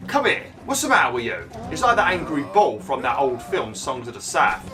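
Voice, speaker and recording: A man's voice: mid-range voice, sing-song, brisk, music in the background. A man giving casual gameplay commentary, chatty and joking, laughing and exclaiming as he plays.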